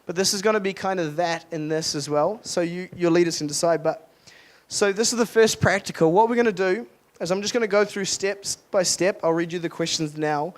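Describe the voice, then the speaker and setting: High-voiced earnest young man preaching. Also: fairly quick. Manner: earnest, rambling, frequent restarts and fillers. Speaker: youth pastor. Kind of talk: casual sermon at a retreat.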